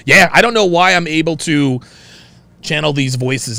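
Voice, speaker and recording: Gravelly, animated male livestream host. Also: on the high side, unhurried. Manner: profane, excitable, laughs often. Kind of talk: casual livestream chat, reading viewer donations.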